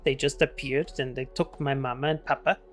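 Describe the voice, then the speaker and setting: A man's voice: medium pitch, fairly even intonation, brisk, lightly acted. A man voicing a polite young girl who pleads for help in a tabletop game, with faint music behind. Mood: gentle.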